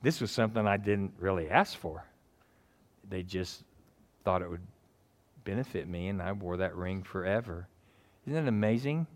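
A man's voice: low-pitched, moderate pace, long pauses. A man preaching a casual, joking sermon and telling stories in a conversational way.

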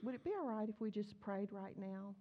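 This woman delivers an animated, storytelling sermon in church, chatting her way through and performing each line of dialogue. She speaks fairly quickly at a medium pitch, and the audio sounds narrow and tinny.

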